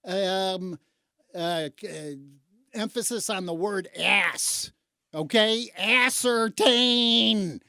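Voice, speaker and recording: A woman's voice: slow pace, no echo. Woman talk radio host from Chicago, sarcastic and indignant, dry close sound. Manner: indignant, sarcastic, swings from low mutters to loud outbursts. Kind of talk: opinionated talk radio rant.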